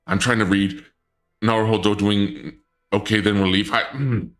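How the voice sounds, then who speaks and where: A man streaming casually in a dark lord persona, flustered and indignant, stammering and restarting often, with sudden high-pitched outbursts. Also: fairly even intonation, normal speed.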